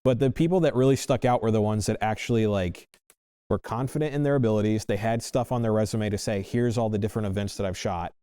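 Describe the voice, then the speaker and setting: A man's voice: fairly low pitch, fairly even intonation, quick pace, warm tone, clean tone, no room sound, clean studio sound. A man on a discussion panel, a former assistant news director, talking casually with many fillers.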